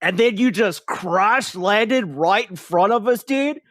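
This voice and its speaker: A man's voice: sits high, lively intonation, slow pace, a bit bright, no echo, clean studio sound, pitched above the performer's own voice, full character voice. A man voicing a laid-back stoner elf man who drawls surfer slang and keeps saying dude. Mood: mellow.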